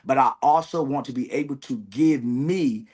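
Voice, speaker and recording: A man's voice: medium pitch, normal speed, darkish tone, husky. A man who is a graduating seminary student, speaking in an earnest, reflective way with many "you know" fillers. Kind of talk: reflective conversation.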